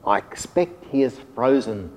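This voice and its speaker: A man's voice: medium pitch, animated, measured pace, darkish tone, natural voice. A man voicing a big, fierce male dinosaur in a storybook reading, speaking gloomily with a wheeze. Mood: gloomy. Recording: long hall reverb.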